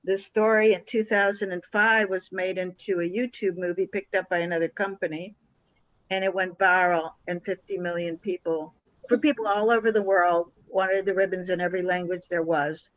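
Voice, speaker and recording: An older woman tells a story with animated energy, slipping into the voices of the people she describes. The sound is dull and lo-fi, with a dry, close feel and no room around it. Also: on the low side, moderate pace, no room sound. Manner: animated storyteller who acts out quoted dialogue. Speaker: guest. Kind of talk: storytelling in a conversational interview.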